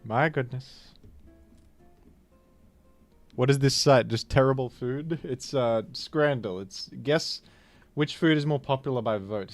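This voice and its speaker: A young man chatting loosely through a game stream, sliding between mumbled asides and bursts of excitement. His voice sits mid-range and sounds close and dry on the mic. Faint music plays behind him. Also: medium pitch, dry recording. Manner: playful, laughs often, mock British impressions. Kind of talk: casual live-stream commentary.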